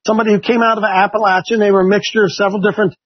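Leading a Bible class, an Ohio man delivers a chatty, folksy sermon and fires one question after another at his listeners. His unusually high, husky voice stays level in tone and comes rapid-fire. The audio is muffled and lo-fi.

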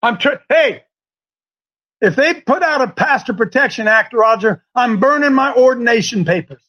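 A pastor hosting a talk show, preaching with passion and shifting from quiet reading to loud shouting. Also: male voice, very high-pitched, animated, moderate pace.

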